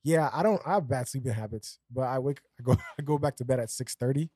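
A man's voice: mid-range voice, fast talker, warm tone, husky, dry recording, clean studio sound. A man co-hosting a podcast in casual chat, rambling with fillers and laughing often. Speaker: podcast co-host.

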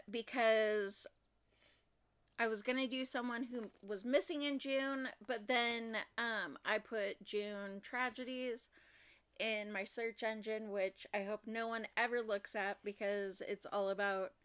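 A young woman from Oregon co-hosting a casual true-crime podcast, talking in a halting way with many fillers and restarts. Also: on the high side, fairly even intonation, fairly bright tone, clear, resonant tone. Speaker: podcast co-host.

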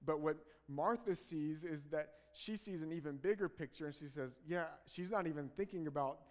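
A man preaching a sermon in a relaxed, conversational way, retelling scripture in everyday speech. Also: fairly high pitch, normal speed, long reverb tail. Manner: conversational preaching, paraphrasing scripture in casual voices. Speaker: pastor.

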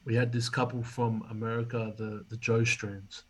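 A man's voice: medium pitch, level tone, normal speed, poor audio. A man, a guest in an interview, telling a story and acting out the dialogue he quotes. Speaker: podcast guest, former rugby league player.

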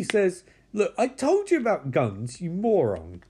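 A man with a high voice, casually recapping a film scene by scene. He bursts into the characters' lines, swears freely and climbs into shrill yelps at the exciting moments. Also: normal speed, hardly any pauses, breathy edge. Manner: animated, acts out characters' lines, swears a lot. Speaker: film commentator.

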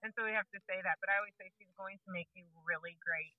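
A mother of five as a podcast guest, quick and animated, acting out her children's voices as she tells stories. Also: mid-range voice, no echo, phone-quality sound. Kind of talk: casual conversational interview.

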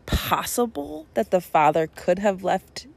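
A woman's voice: mid-range voice, very animated, unhurried, creaky, a little mellow. A woman pastor talking casually about her sermon, rambling and conversational with many asides. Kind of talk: casual spoken reflection on a sermon.

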